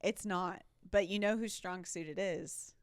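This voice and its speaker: A woman's voice: fairly low pitch, unhurried, smooth, no room sound. A young woman co-hosting a faith podcast in casual, rambling chat, laughing often. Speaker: podcast co-host.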